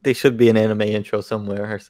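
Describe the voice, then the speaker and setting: A man co-hosting a podcast in casual chat, halting and restarting, using easy slang. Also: lowish voice, level tone, dark tone, dry recording. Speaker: podcast co-host.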